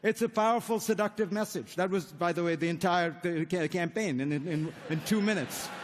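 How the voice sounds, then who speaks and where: A man's voice: sits high, brisk, a little hiss or hum. A man who grew up in India, arguing earnestly in a formal debate before a live audience, stacking points into rhetorical lists. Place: large hall with a live audience. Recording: echoey hall.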